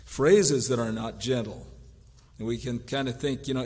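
A man preaching a sermon from the pulpit, his voice at an ordinary middle pitch. He reads long word lists slowly and breaks them with dry, wry asides. His voice hangs in a church hall with a long, ringing reverb. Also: expressive, darkish tone. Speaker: pastor.

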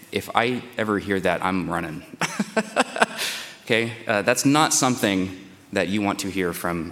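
A man with a low, slightly bright voice preaches through scripture, reading verses aloud. He acts out the speaker's pleas in a raised, dramatic voice, and the recording has a long hall reverb.

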